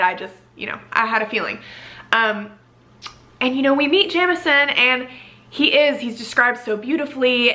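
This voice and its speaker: Young adult woman, bright voice pitched a little high, chatty and gushing book reviewer. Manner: gushing, filler-heavy with frequent "like". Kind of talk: casual chat.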